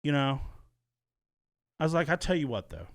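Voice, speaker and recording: A man's voice: fairly high pitch, sing-song, moderate pace, dry recording. A man co-hosting a podcast in casual chat, rambling and restarting his words, recorded in a small soundproofed studio. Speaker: podcast co-host.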